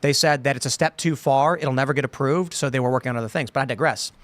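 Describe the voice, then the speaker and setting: A man's voice: medium pitch, fast, fairly bright tone, no echo. A man in his thirties hosting a casual political talk show, rambling through stories and acting out quotes in put-on voices. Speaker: podcast host.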